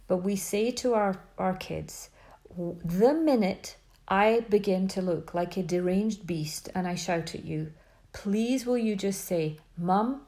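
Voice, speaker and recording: A woman's voice: medium pitch, dark tone. A woman hosting a parenting podcast, giving earnest, emphatic advice and often listing words in a row. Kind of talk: advice talk.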